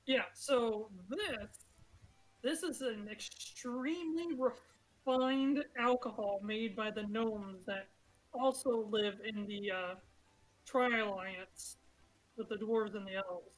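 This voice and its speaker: Woman game master, fairly high voice, chatty and giggly narration full of fillers. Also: takes it slowly, poor audio. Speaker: dungeon master.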